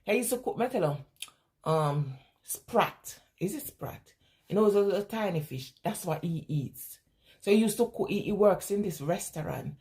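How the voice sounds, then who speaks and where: A woman's voice: mid-range voice, animated, normal speed, warm tone. A woman, chatting casually as a vlogger, telling rambling stories, laughing often and answering viewer questions. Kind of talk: casual chat.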